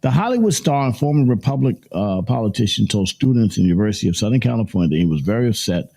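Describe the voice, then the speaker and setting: Husky-voiced man hosting a casual stream. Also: lowish voice, sing-song, quick pace, dark tone. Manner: rambling, repeats himself, laughs between points. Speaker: morning show host. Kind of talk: casual livestream commentary.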